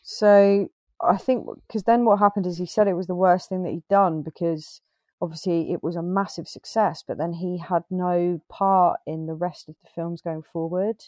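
A woman with a lowish voice rambles through her thoughts on a film, often backtracking and correcting herself. The recording is close and dry. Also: steady tone, normal speed, a little mellow, no echo. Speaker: podcast co-host. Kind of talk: casual film review chat.

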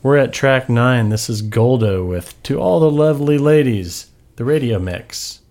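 A man's voice: medium pitch, lively intonation, measured pace, a little mellow. A man hosting a casual podcast, introducing tracks in a mock radio-DJ manner and chatting in a laid-back way. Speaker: podcast host. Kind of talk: casual chat.

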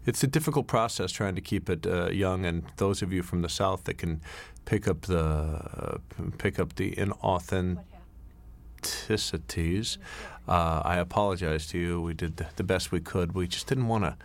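Middle-aged man, very low voice, rambling director's commentary with lots of uhs and restarts. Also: moderate pace, gravelly. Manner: rambling, anecdotal, many fillers and restarts. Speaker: film director. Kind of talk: DVD commentary.

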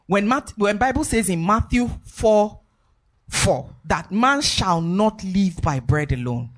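A woman's voice: mid-range voice, lively intonation, slow pace. Emphatic woman preaching a sermon. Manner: emphatic, repeats phrases, lilting sing-song rises.

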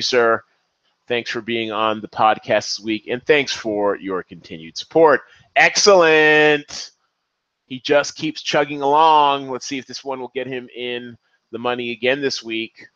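Excitable male podcast host, lively swinging pitch, dry and slightly dull recording. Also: no echo. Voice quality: excitable, animated. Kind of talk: casual commentary.

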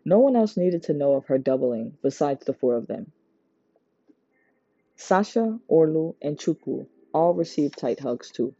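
Reader: woman, animated novel narration, warm low tone, dull dry recording. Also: unhurried, slightly rough, dry recording. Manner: lively character voices, high for the girls. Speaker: audiobook reader. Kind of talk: reading a novel aloud.

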